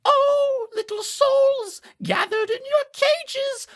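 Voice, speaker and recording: A game master voicing a fierce little stage imp who declaims heroic lines in a shrill, high cry. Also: slow, a bit bright, exaggerated voice. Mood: declamatory.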